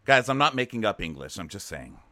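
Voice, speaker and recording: A man co-hosting a podcast, recapping a dating show in sarcastic, animated chat and mimicking the people on it. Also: on the low side, fairly quick, no echo. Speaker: podcast co-host. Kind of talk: casual comedic recap chat.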